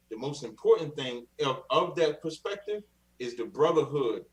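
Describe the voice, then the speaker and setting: A man's voice: a little high, distant mic, poor audio. A man arguing insistently in a heated live-stream debate, speaking in a preachy, sermon-like way.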